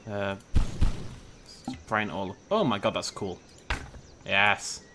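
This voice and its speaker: A young man with a lowish, pushed and bright voice talks slowly through his gameplay video, with a little background noise. His casual let's-play commentary is chatty and full of jokes, including remarks to the animals on screen and sudden shrieks of surprise.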